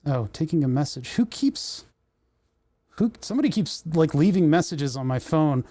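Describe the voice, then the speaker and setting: A man with a slightly high, expressive, dark-toned voice hosts a casual livestream from his home workshop, speaking at a moderate pace into a desk mic. He rambles and talks to himself while clicking through menus. There's no echo.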